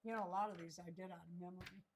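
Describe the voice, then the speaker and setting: A woman hosting a livestream trivia chat, reading each question slowly and repeating it. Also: fairly low pitch, fairly even intonation, slight background noise. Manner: slow, reads questions twice. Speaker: host.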